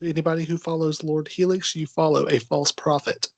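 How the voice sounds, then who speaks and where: A man's voice: fairly high pitch, flat delivery, fairly quick, no echo. Emphatic, playfully combative man co-host. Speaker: podcast co-host. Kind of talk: casual podcast chat.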